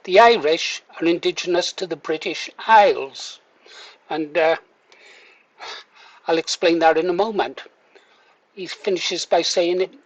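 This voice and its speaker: A man's voice: fairly high pitch, unhurried, long pauses, dry recording, poor audio. A man giving casual to-camera commentary, wry and mock-reluctant, then firmly emphatic. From Wales. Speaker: political video commentator.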